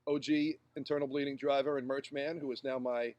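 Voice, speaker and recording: A man's voice: medium pitch, flat delivery, fairly quick, a little mellow, dry recording, dull audio. A man co-hosting a casual podcast, blunt, crude and opinionated. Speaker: podcast co-host. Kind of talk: casual chat.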